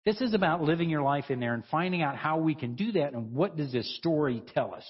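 A man delivers an informal, conversational sermon, his husky voice rising and falling with lively inflection. He talks in loose asides and chuckles between points. The recording sounds dull and lo-fi. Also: fairly high pitch, fairly quick. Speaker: preacher.

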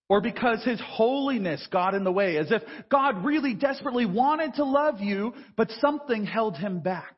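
Husky-voiced high preacher in a cathedral. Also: male voice. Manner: conversational preaching, acting out Bible voices. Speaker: pastor. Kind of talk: sermon. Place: large cathedral. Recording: long church reverb, dull sound.

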